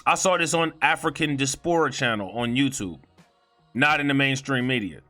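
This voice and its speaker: Guy ranting on his channel, blunt and cussing, bright forceful voice, faint music behind. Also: mid-range voice, normal speed. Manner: blunt, profane and indignant. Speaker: video commentator. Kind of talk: heated commentary vlog.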